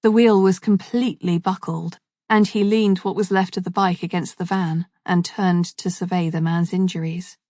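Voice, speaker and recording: A woman reading a thriller story aloud in steady, measured scripted narration. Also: on the low side, dry recording, clean studio sound.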